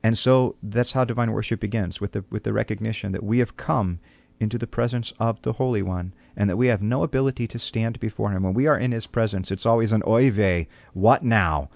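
A pastor on a call-in radio show talks in an earnest, preacherly way, often stumbling over his first words. His voice sits fairly low. The studio sound is dry and close. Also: fast talker, gravelly, a little mellow, no echo. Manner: earnest, preacherly, repeats words when starting.

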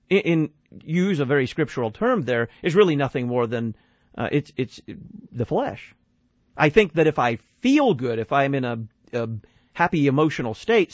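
A man hosts a call-in talk radio show, discussing things thoughtfully and emphatically and building his points as lists. His voice is mid-range. The recording is dry, with the highs cut off.

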